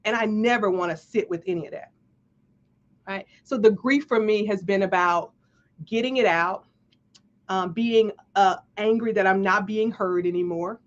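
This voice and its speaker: Woman host, casual live chat, animated and chatty, dull lo-fi sound. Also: medium pitch, normal speed. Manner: animated, chatty, laughs often, lots of "right?". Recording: dull lo-fi stream audio.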